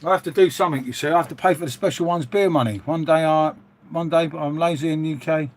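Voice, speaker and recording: This middle-aged Englishman talks fast in a fairly high, fairly even voice. Hosting a live stream, he chats and rambles to viewers in a matey way, reading out their comments.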